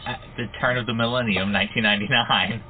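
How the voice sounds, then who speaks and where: A man's voice: medium pitch, steady tone, fast talker. Laughing man co-hosting a podcast, phone-line sound. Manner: laughing often, stumbling over words. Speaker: podcast co-host. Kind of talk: casual book club chat. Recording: tinny phone-like sound, faint noise.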